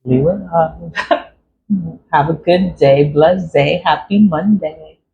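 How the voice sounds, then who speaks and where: Taking it slowly, a creaky medium-pitched spiritual vlogger rambles casually, hitting points emphatically, repeating phrases, and swearing without restraint. Faint noise sits under a dull lo-fi recording.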